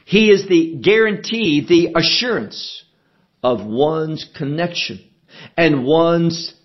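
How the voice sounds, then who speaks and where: A man delivers a sermon at a slow, deliberate pace, leaning hard on key words as he explains a passage. His voice sits high for a man. The recording sounds dull and lo-fi. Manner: slow, deliberate expository preaching with emphatic stresses. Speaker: preacher.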